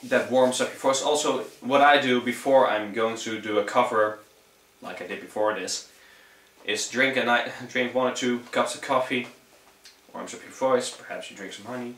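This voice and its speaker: Dutch-accented young man, bright and echoey. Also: medium pitch, fairly even intonation, moderate pace. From Netherlands. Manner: rambling, profane, laid-back. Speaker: vocal tutorial vlogger. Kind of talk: casual how-to talk. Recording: echoey room, mic at a distance.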